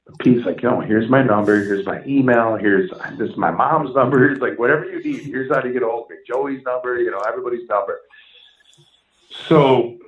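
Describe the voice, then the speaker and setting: A man, telling music stories in a casual interview, animated and swearing freely. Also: mid-range voice, brisk. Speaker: musician guest. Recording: echoey, dull lo-fi sound.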